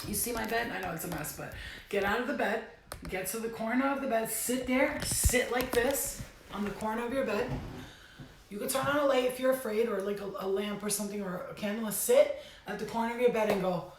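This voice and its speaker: A woman's voice: medium pitch, brisk, echoey room, slight background noise. A woman giving a casual spiritual reading at home, talking bluntly and emphatically and swearing now and then. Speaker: tarot reader. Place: bedroom at home.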